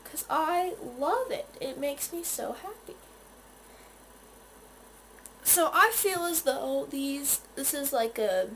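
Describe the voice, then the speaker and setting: A fourteen-year-old beauty vlogger from North Carolina chats in a high voice while doing her makeup, rambling with many restarts and quoted asides. She films on her phone in her bedroom, and there's slight background noise.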